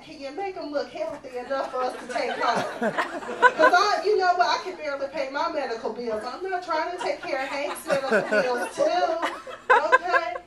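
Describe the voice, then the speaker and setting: A woman doing a stand-up comedy routine in a comedy club, sassy and conversational as she teases the audience. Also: high voice. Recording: echoey, far-off club recording with faint ambient noise.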